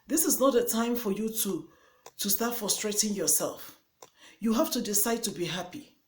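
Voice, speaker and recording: A woman with a Nigerian English accent delivers earnest, preachy motivational advice. She often repeats a phrase to drive the point home. Her voice sits at a middle pitch and rings in an echoey room. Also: expressive, normal speed. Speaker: vlogger. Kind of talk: motivational vlog talk.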